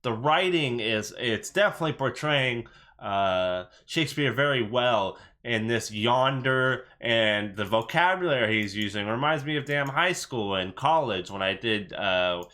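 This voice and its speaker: A young man hosts a reaction video in loose, casual commentary. His voice is bright and forward, and he leans on fillers and restarts. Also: medium pitch, animated, unhurried.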